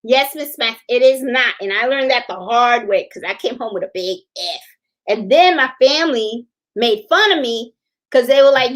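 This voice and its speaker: A middle-aged woman chats casually on a live sewing stream, and her voice sits a little high. She rambles from story to story, laughs easily and stops to answer viewer comments. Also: expressive, fairly quick. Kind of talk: casual livestream chat.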